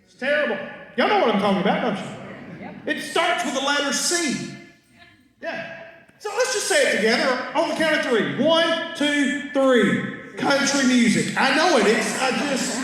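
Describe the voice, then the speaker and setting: Onstage in a big, echoey concert hall before a live crowd, a male comedian delivers folksy stories, punchlines and asides in an extremely high, bright, forceful voice. His stage mic is heard from far back in the audience.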